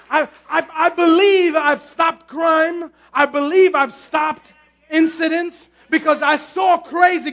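Delivering a passionate sermon in a very high voice, this male pastor keeps tripping over and repeating his words, now and then bursting into shouting.

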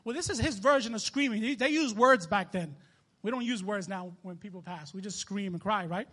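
A man's voice: high-pitched, fairly quick, fairly bright tone, slightly rough. A man in his twenties with a New York accent, giving a casual, conversational sermon with frequent restarts and laughter. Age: 20s. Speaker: minister.

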